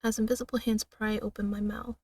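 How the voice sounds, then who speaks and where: A woman streamer reading a narrative game aloud in a slow, dramatic way, now and then breaking off with laughs and asides. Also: a little high, flat delivery, darkish tone, dry recording, distant mic.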